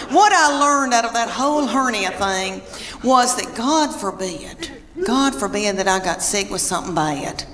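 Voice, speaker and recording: Folksy middle-aged Southern woman doing stand-up. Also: on the high side. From Southern United States. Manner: chatty, folksy storytelling with teasing asides. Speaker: stand-up comedian. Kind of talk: stand-up comedy. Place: theater stage before a live audience. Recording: live hall with long reverb and audience noise.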